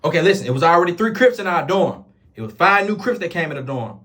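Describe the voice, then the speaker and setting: Talking very fast in a slightly high voice, a Chicago-accented vlogger tells a story in loose street slang. He's animated and keeps dropping repeated oaths between sentences.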